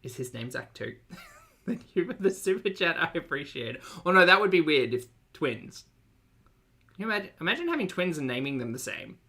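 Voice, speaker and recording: A man's voice: a little high, big pitch swings, fairly quick, bright, forceful tone. A young Australian man hosting a live-stream reaction, chatty and joking as he greets viewers by name. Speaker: streamer and host.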